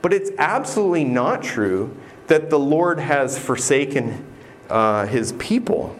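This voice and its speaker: A man's voice: mid-range voice, sing-song, a little slow. A man preaching a sermon in an earnest, conversational way, sometimes restarting a phrase. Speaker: pastor.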